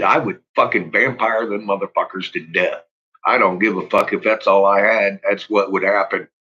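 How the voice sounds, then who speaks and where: Swearing ranting man, husky and bright. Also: fairly low pitch. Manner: heavy swearing, laughs often. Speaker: vlogger. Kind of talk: casual profane rant. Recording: dull lo-fi recording.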